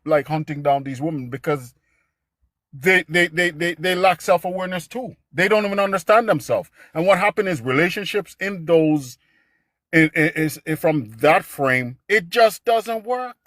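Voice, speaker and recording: A man's voice: high voice, a bit bright, no room sound, clean studio sound. A man, a father, in casual discussion, speaking emphatically and restarting his sentences. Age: adult with a daughter. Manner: emphatic, restarts sentences, stresses key words.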